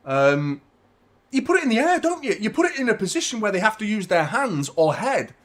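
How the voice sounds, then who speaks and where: A man hosting a live football watchalong, reacting to the match with casual chat, swearing and bursts of shouting at big chances. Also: high-pitched, big pitch swings, fairly quick. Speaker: host of a football watchalong stream.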